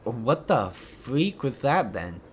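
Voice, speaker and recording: Slow-reading gamer voicing a visual novel. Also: medium pitch, slight background noise. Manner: voices every character's lines, with excited stammering reactions. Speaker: let's play gamer. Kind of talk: reading a visual novel aloud with live reactions.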